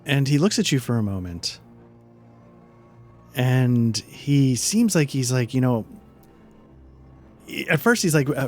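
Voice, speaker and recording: A man's voice: mid-range voice, lively intonation, slow, pauses often, darkish tone, soft background music. A man narrating a tabletop game as game master, rambling and hesitant with many fillers.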